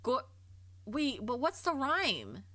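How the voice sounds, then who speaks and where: A woman streamer chatting casually on a livestream, curious and quick to laugh, often stumbling and repeating herself as she thinks aloud. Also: sits high, wildly swooping pitch, bright, forceful tone, slight background noise. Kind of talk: casual livestream chat, reading and answering chat.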